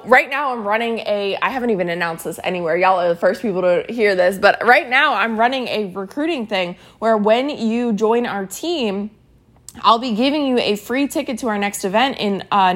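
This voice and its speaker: A woman hosting a motivational podcast, talking energetically and often tagging her points with "right?". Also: fairly high pitch. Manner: energetic, repeats phrases, says y'all and right. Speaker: podcast host and team leader. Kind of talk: motivational solo podcast talk.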